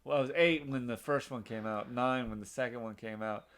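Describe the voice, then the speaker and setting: Man in his thirties, podcast host, rambling casual chat, smooth resonant voice, dry close sound. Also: mid-range voice, brisk, a bit bright, no room sound. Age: 30s. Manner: rambling, with many restarts and fillers.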